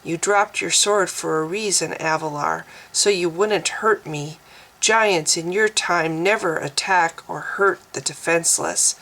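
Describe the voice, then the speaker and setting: A woman voicing a calm, stern human man who leads, speaking quietly and in measured words. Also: fairly low pitch, poor audio.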